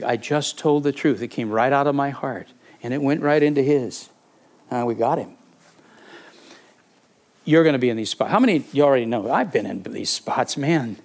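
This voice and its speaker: A man's voice: mid-range voice, moderate pace, long pauses. An older man preaching, telling a personal story conversationally, with frequent restarts and acted-out moments. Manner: conversational, with repeated words and fillers; animated, acting out the people in his stories. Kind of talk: sermon storytelling.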